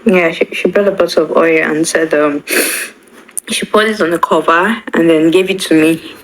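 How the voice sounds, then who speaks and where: A young woman tells an emotional personal story, halting and often repeating her words. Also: sits low, low-quality recording. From Nigeria. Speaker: bereaved daughter.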